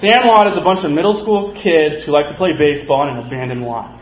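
Man preaching a story-filled sermon, high voice. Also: quick pace, crowd noise. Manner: storytelling, acts out quoted characters. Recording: echoey, slightly dull sound.

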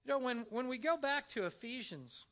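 A man preaching a sermon in a church, animated and emphatic, using dramatic pauses. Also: extremely high pitch. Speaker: pastor.

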